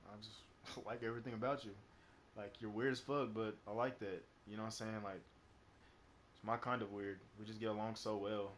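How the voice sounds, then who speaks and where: Young dude on a live stream, kinda low voice, rambling story w lots of likes and swearing. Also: male voice, little pitch movement, fairly quick, a bit bright, slight background noise. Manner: rambling, heavy on fillers and profanity. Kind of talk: casual storytelling chat.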